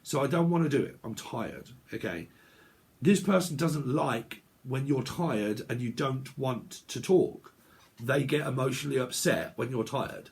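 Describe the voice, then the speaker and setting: A man's voice: mid-range voice, measured pace, creaky, a little mellow. Guy doing a tarot reading, mid voice, rambly and blunt, swears a lot. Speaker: tarot reader. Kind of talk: casual tarot reading vlog.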